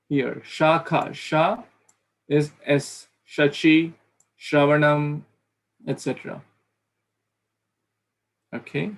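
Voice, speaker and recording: A man's voice: fairly high pitch, creaky. A man teaching pronunciation in an online class, patiently repeating sounds to demonstrate them. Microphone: video call.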